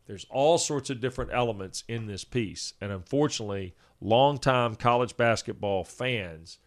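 A man in his fifties co-hosting a sports talk show, laying out his points in a measured, orderly way. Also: mid-range voice, fairly bright tone. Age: 50s. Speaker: sports radio co-host.

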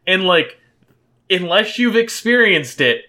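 A man in casual podcast chat with friends, excitable and often laughing through his sentences. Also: sits high, takes it slowly. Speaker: podcast co-host.

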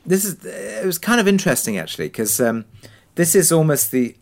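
A man, a drama producer, answering interview questions in a relaxed way, thinking aloud with fillers. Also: on the high side, fairly quick.

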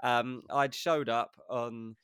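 A man's voice: medium pitch, fairly even intonation, takes it slowly, fairly bright tone, smooth, no echo, studio quality. A man co-hosting a casual podcast, presenting a segment in an upbeat, teasing way. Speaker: podcast co-host. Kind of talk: casual chat.

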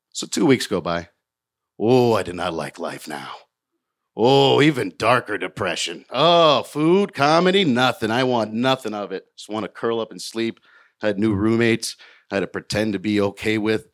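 A comedian from Florida telling a personal story, rambling, self-mocking and profane, with halting restarts. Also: male voice, on the low side, lively intonation. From Hollywood, Florida, USA.

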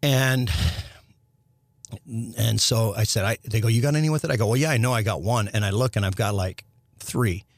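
Low-voiced man telling rambling stories. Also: moderate pace, no room sound. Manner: rambling, animated storyteller with frequent restarts and mild swearing. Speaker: podcast guest, former hockey player. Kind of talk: casual storytelling interview.

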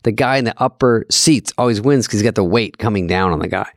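In a dry, clean studio recording, a lower-voiced man talks fast as co-host of a comedy podcast. His casual chat is full of rambling, self-deprecating stories.

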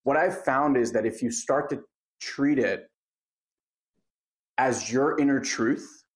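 A man in a casual conversation, earnest and lively, who acts out voices as he explains. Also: medium pitch, slow. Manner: earnest, animated when acting out inner voices.

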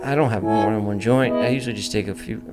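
A man's voice: lowish voice, fast talker, loud music behind the voice. A young man hosting a podcast in a loose, boastful way, swearing freely and talking over the others. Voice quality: brash, profane, boastful. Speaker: podcast host. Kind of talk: casual chat.

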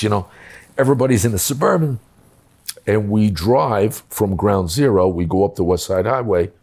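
A man's voice: fairly low pitch, vocal fry, a little mellow. A middle-aged man telling a story in conversation, blunt, emphatic and full of swearing. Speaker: guest recounting his time as a police official.

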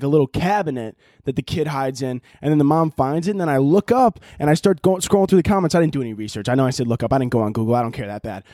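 A man's voice: fairly high pitch, darkish tone, dry recording, studio quality. A young man from Chicago with a Chicago accent, hosting a podcast in a rambling, profane comedic monologue and laughing often. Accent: American, Chicago. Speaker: podcast host.

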